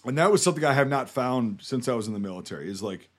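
A man's voice: medium pitch, lively intonation, racing. A man in his thirties, a veteran co-hosting a podcast, talking in a blunt, profane, rambling way. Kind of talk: casual podcast banter.

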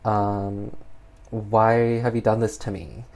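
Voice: mid-range voice, flat delivery, slow, a little mellow. A speaker paraphrasing a dying woman's last reproachful words from a film, in a near-normal voice. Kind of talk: paraphrased quote in a film recap.

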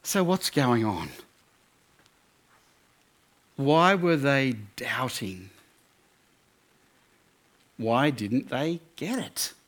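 A man giving a sermon talk at a student camp, telling stories in an animated way with many restarts. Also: medium pitch, extremely slow, pauses often. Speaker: camp speaker.

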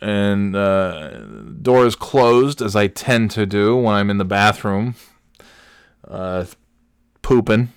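A man hosting a podcast, telling a rambling story with exasperation, his voice jumping high when he rants. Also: slow pace, clear, resonant tone, no echo, clean studio sound. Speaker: podcast host. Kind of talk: casual storytelling monologue.

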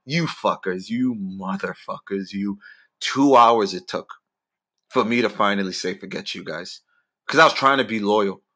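A young man is hosting his own podcast and ranting in a comic, animated way. His voice is bright, and he swears freely while his pitch jumps suddenly. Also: normal speed. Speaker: podcast host. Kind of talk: profane comedic rant.

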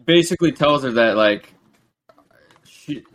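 A man's voice: medium pitch, lively intonation, a little slow, fairly bright tone. A man co-hosting a casual podcast chat, talking in a rambling, hesitant way. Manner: rambling, hesitant with frequent ums and likes. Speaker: podcast co-host.

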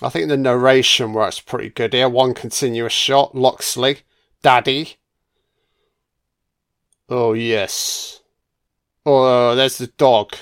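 A man's voice: mid-range voice, steady tone, unhurried, a bit bright, clear, resonant tone. A man giving casual, sardonic film commentary full of swearing and jokey asides.

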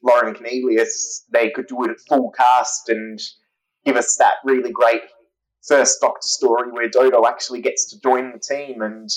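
Chatty, enthusiastic podcast co-host. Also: male voice, medium pitch, rough recording. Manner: enthusiastic, long flowing opinions. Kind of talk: casual podcast chat.

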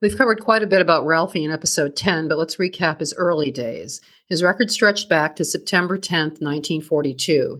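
Boston true crime podcast host, bright voice, blunt and a bit profane. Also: medium pitch. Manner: brisk storytelling with blunt, profane asides.

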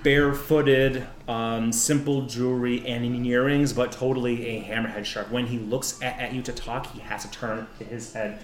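A man's voice: medium pitch, level tone, moderate pace, few pauses. Roomy-sounding man running a tabletop game. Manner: rambling, many restarts and fillers. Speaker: game master.

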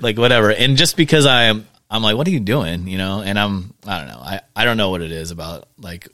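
Low-voiced, quick-talking podcast host. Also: male voice, bright, forceful tone, no room sound, studio quality. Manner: quick, chatty, laughs at himself. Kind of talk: casual interview chat.

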